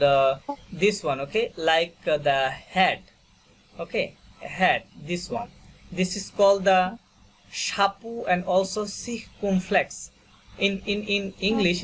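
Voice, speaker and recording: A man teaches an online French class over a video call. He speaks patiently, circles back with "okay" and "you know," and repeats each term for his students. A faint hiss of noise sits under the call. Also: high voice. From Bangladesh. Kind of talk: online language lesson.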